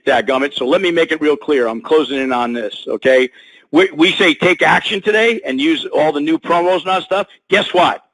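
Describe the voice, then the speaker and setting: A man giving a pumped-up motivational speech on a conference call, talking loud and full of sports talk. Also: a little high, rough recording. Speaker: guest speaker on a conference call. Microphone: phone.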